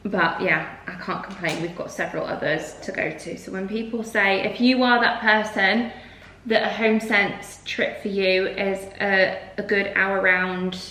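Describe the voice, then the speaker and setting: A woman's voice: medium pitch, steady tone, unhurried, pushed and bright, reverberant, poor audio. A woman chatting casually to camera as a lifestyle vlogger, laughing at herself now and then.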